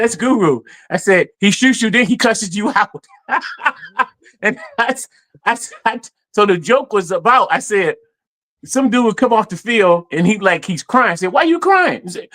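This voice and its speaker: A man in casual podcast chat, telling animated stories, acting out quotes and laughing often. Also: sits high, measured pace. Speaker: guest player.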